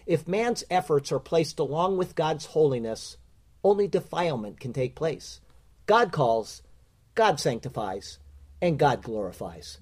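Emphatic, deliberate Bible teacher man. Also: a little high, lively intonation, a little mellow, breathy edge. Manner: deliberate, emphatic, slows to stress quoted words. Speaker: preacher.

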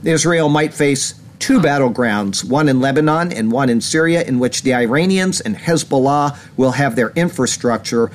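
Man hosting a weekly show, american, rambling, many fillers, mid-pitched voice, faint hiss. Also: normal speed, few pauses. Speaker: host of a weekly prophecy show. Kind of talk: casual scripted commentary, reading news.

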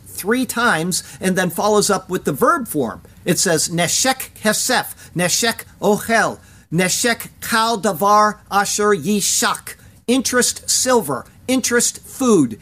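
A Bible teacher delivering a verse-by-verse commentary in a measured, deliberate cadence. He leans on key words for emphasis and carefully sounds out Hebrew phrases between the scripture readings. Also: mid-range voice, fairly bright tone.

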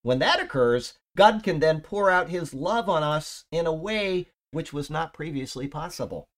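A man's voice: fairly high pitch, lively intonation, moderate pace. A man giving a loose, conversational Bible teaching, rambling with fillers and restarts. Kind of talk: casual Bible teaching talk.

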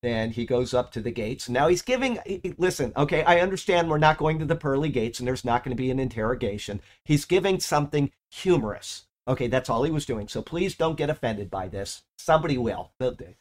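A man delivering a sermon, moving from earnest teaching with strong emphasis into relaxed, chatty asides. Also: mid-range voice, brisk, hardly any pauses. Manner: earnest, lively emphasis, drifts into casual asides. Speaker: preacher.

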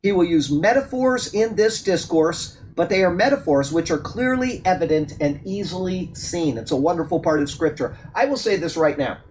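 A man with a somewhat high voice leads a Bible study, moving between reading a passage aloud and chatting about it with plenty of fillers. He turns firm and emphatic when he stresses doctrine. A faint hiss runs underneath. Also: lively intonation, moderate pace, few pauses, darkish tone, low-quality recording. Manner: conversational, reads a text then digresses with fillers. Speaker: Bible teacher.

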